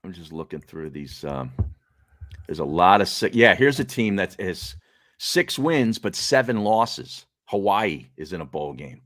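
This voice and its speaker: A man co-hosting a casual sports talk show, relaxed and wry, trailing off as he reads. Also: deep voice, unhurried, no room sound, clean studio sound. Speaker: co-host.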